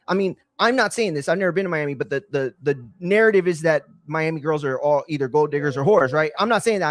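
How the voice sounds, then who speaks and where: A man's voice: on the high side, no room sound. Slangy, rambling male stream host. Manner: rambling storyteller, slangy, says "bro" a lot. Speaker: livestream watch-along host. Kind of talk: casual live-stream chat.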